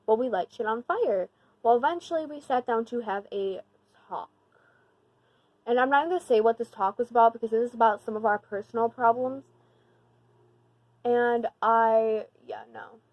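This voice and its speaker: Young woman vlogger, fairly high voice, slangy and rambling, emphatic storyteller, dry close sound. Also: normal speed, long pauses, no echo, dull audio. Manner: slangy, rambling, heavy use of "like"; animated and emphatic when retelling the scary part. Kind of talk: casual storytime.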